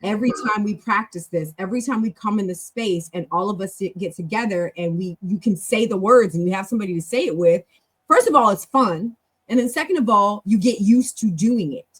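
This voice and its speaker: Husky woman host, chatty and encouraging, rambles a bit, loose teaching vibe. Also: mid-range voice, brisk. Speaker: host leading a language practice session. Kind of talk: casual teaching talk.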